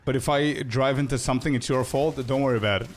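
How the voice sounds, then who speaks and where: A man's voice: mid-range voice, fairly even intonation, quick pace. A man streaming a game, chatting casually with viewers in a laid-back, slangy way and laughing often.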